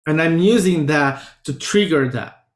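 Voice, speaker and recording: Slow, reflective man with Italian accent. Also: on the high side. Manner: halting, many restarts and fillers. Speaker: spiritual teacher. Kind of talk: reflective casual monologue. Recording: roomy echo.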